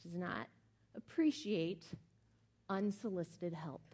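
A woman's voice: lowish voice, a little slow, a little mellow, husky. A middle-aged woman pastor giving a sermon in a conversational, emphatic way with many fillers.

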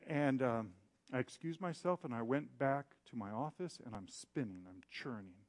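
A man's voice: medium pitch, moderate pace. A man preaching, telling a personal story in a candid, self-deprecating way and acting out the voices he quotes. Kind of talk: sermon storytelling.

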